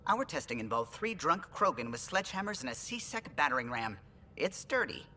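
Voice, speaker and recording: A man's voice: on the high side, big pitch swings, normal speed, sharp tone, a little hiss or hum, exaggerated voice. An actor playing a friendly alien male ship pilot who talks proudly about his ship.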